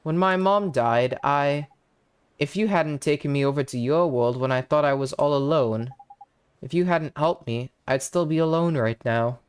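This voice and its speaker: A woman's voice: sits low, moderate pace, darkish tone, slight background noise, voice pushed down, lightly acted. A woman voicing an earnest, determined young boy hero who pleads to help a friend.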